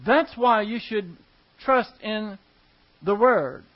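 A man with a high voice teaches a Bible passage word by word. He talks in an easy, conversational way and leans hard on key words. The recording sounds dull and lo-fi. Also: slow pace. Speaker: preacher.

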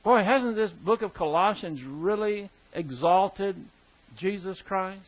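A man's voice: high-pitched, slow pace. A male preacher teaching verse by verse in a conversational, emphatic way, repeating key words for stress. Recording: dull lo-fi recording.

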